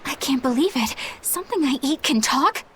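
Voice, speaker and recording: A woman's voice: high voice, expressive, moderate pace, fairly bright tone. A woman voicing a playful, scheming young witch in a video game. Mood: startled. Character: eccentric, mischievous young witch.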